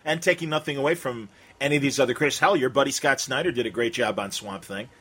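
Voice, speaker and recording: Fast-talking husky male host. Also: medium pitch, a bit bright. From American Midwest. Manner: brisk, encouraging interjections. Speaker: podcast host. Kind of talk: casual interview chat.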